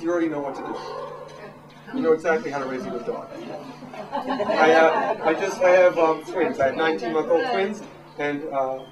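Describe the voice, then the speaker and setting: Man, dog trainer lecturing a crowd, animated, far from the mic, echoey noisy room. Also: a little high. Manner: animated, acts out quotes in raised voices. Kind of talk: live seminar talk to an audience. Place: room with a live audience.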